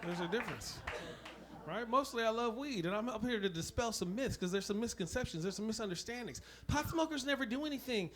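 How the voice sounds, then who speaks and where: A man with a fairly high voice works a comedy club stage in a loose, laughing, punchy stand-up set, forever checking in with the crowd. The live recording is noisy, with a steady club hubbub behind him. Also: brisk.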